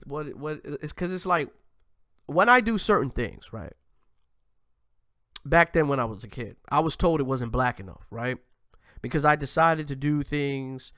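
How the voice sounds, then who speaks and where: An American host delivers a casual commentary monologue in a medium-pitched voice, recorded on a dry mic. He's animated, often restarts his lines, and keeps ending them with "man."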